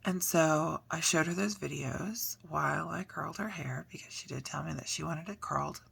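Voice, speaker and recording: Gravelly, bright-voiced mom telling a story. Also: female voice, low-pitched, moderate pace. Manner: chatty, earnest, many fillers, acts out quotes. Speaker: mother documenting a diet change. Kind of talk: personal vlog storytelling.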